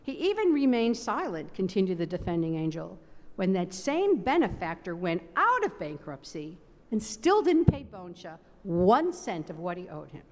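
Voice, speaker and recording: A woman giving a measured, expressive dramatic reading of a story, stressing its repetitions, in a large synagogue sanctuary. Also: fairly low pitch. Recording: long reverb of a large sanctuary.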